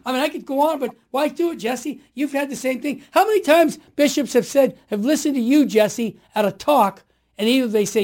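A man in his sixties telling stories in a conversation, emphatic and animated, sometimes building to forceful outbursts. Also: extremely high pitch, brisk. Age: 60s. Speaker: interview guest. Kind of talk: storytelling conversation.

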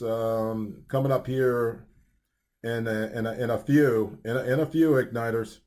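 A man's voice: mid-range voice, steady tone, measured pace, darkish tone. A man hosting a Christian radio show, talking casually with many fillers and restarts between upbeat announcements. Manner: rambling, filler-heavy, upbeat. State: hiccups. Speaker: radio host.

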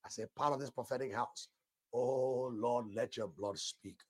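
Husky older preacher praying fervently. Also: male voice, medium pitch, fairly even intonation, moderate pace. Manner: repeats short declarations, breaks into speaking in tongues. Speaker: pastor. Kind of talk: fervent sermon and prayer.

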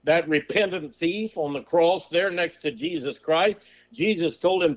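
A preacher with a fairly high male voice delivers a sermon, pressing listeners with rhetorical questions and using folksy turns of phrase. He slows down and drawls the words when quoting scripture.

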